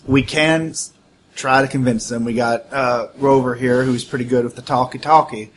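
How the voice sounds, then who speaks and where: A man's voice: mid-range voice, steady tone, moderate pace, a little hiss or hum. A man playing a tabletop game, rambling and joking as he lays out plans. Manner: rambling, joking, lots of fillers. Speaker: player. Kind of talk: casual tabletop game chat.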